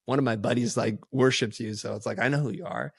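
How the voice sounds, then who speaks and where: Animated man telling stories, dry sound. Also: mid-range voice, fast, gravelly, husky, dry recording. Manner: animated, acts out quoted dialogue. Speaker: podcast guest. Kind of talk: casual storytelling.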